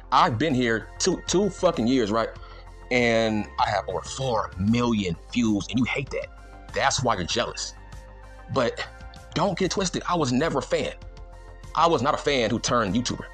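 Husky-voiced man on a heated rant. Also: medium pitch, a bit bright. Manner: heated, profane, mocking. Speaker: wrestling YouTuber. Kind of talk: angry ranting monologue.

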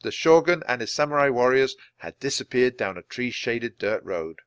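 Lively male storybook narrator. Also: mid-range voice, moderate pace, clean tone, dry recording. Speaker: storybook reader. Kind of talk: audiobook narration for language learners.

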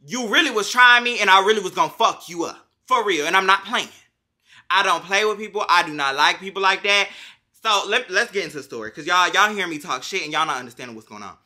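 A man ranting through a storytime vlog, swearing freely and leaning on slang. His voice sits high and sounds very bright and piercing. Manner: profane, dramatic storytelling, heavy slang. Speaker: vlogger. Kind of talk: casual storytime rant.

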